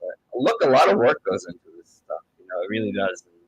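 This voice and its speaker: A man's voice: lowish voice, sing-song, a little fast, slight background noise, poor audio. A man co-hosting a casual livestream chat, easygoing, explaining plans and talking straight to viewers. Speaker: podcast co-host.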